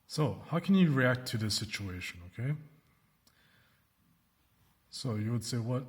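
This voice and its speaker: A male English teacher giving a recorded lesson, slowing down to model example sentences and often checking in with "right?" and "okay?". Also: mid-range voice, lively intonation. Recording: reverberant room.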